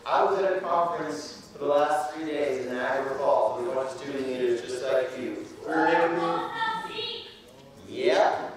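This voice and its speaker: A man's voice: medium pitch, normal speed. A man from Canada giving a motivational keynote speech to students, conversational and acting out quoted voices. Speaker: keynote speaker. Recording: echoey hall from far off.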